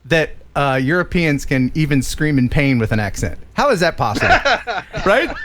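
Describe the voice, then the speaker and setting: A man co-hosting a live drone show, joking playfully with big swings in pitch. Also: sing-song, moderate pace, a bit bright. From USA. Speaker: co-host. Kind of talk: casual live-stream chat.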